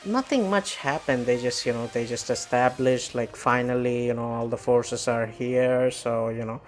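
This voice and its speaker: A man's voice: mid-range voice, moderate pace. A man casually reviewing a manga chapter, rambling with lots of fillers and frequent chuckles. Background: faint background music.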